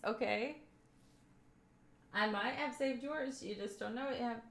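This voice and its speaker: A young Kentucky woman with a slightly high voice speaks at a measured pace during a livestream. The roomy home room gives an echo as she rambles through casual chat with her viewers, reading chat aloud and filling gaps with fillers.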